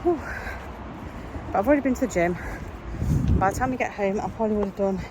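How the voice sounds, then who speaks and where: A woman's voice: mid-range voice, fast, background noise. A woman chatting casually in a daily vlog, rambling about her day while walking outdoors, sometimes out of breath. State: out of breath at times. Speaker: vlogger.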